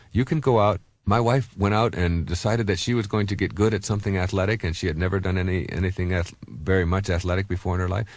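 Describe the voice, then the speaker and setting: A middle-aged man talks through a self-help lesson in a loose, storytelling way, pausing on fillers and restarting his sentences. His voice sits low but rises and falls a lot. The recording is dry, with no room sound. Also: a little mellow, no echo.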